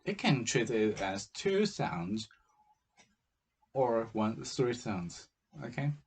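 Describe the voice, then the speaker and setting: A man with a Chinese accent teaching, speaking haltingly with frequent hesitations and restarts. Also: medium pitch, sing-song, slight background noise. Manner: hesitant, many fillers and restarts. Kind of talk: explaining with slow, halting delivery.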